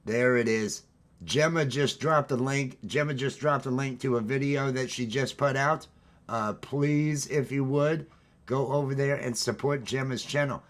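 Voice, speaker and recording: A man hosting a casual livestream from home, upbeat and rambling as he greets his viewers. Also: medium pitch. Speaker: livestream host. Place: at home, green screen.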